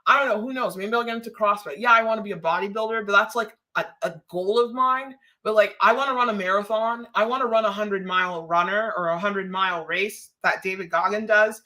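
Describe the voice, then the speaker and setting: Bright-voiced woman, emotional and laughing. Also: mid-range voice, a little fast, few pauses. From Canada. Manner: laughs often, rambling and heartfelt. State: emotional, holding back tears. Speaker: live streamer. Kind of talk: casual emotional live stream chat.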